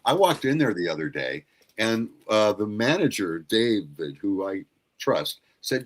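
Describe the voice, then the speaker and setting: A man's voice: on the low side, sing-song, measured pace. An older man talking casually about records on a livestream, blunt and given to swearing. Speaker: record collector co-host.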